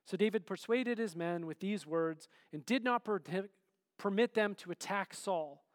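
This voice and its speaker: A man preaching a sermon in a relaxed, conversational way, often checking in with "right?" and filler "like". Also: high voice, a little slow, no echo, big-room sound.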